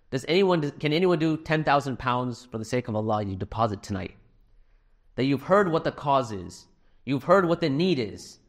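A middle-aged man giving a fundraising sermon to a live audience in a hall, earnest and conversational with self-deprecating humor. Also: medium pitch. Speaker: speaker at a fundraising talk.

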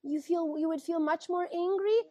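A woman teacher reading a picture book aloud to children, gently asking them questions as she goes. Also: very high voice, steady tone, moderate pace, no echo. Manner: gentle, questioning, keeps checking in with the kids.

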